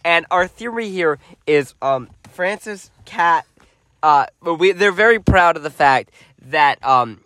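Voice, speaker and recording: A man's voice: a little high, lively intonation, slow pace, sharp tone, dry recording, studio quality. A man co-hosting a podcast in casual chat, chiming in with jokes and his own stories. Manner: joking, chiming in. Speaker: podcast co-host.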